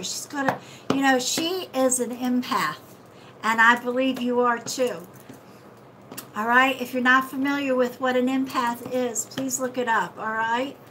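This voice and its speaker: A woman's voice: high-pitched, sharp tone, a little hiss or hum. A woman psychic medium giving casual card readings to viewers on a live stream, chatty and calling people sweetheart and darling.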